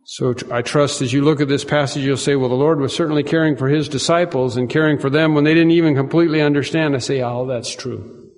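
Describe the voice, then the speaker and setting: A man's voice: fairly even intonation, fast, darkish tone, in a large hall. A man preaching a sermon and leading prayer, earnest and repetitive, rising for emphasis. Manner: earnest, repeats phrases, rises in pitch and volume for emphasis. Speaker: pastor.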